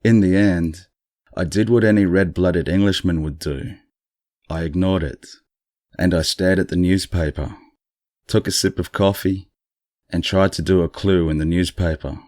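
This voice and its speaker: Male podcast host, very low voice, congested, casual dry storyteller, close dry sound. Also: moderate pace, no room sound. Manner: relaxed, chatty, dryly amused. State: congested morning voice.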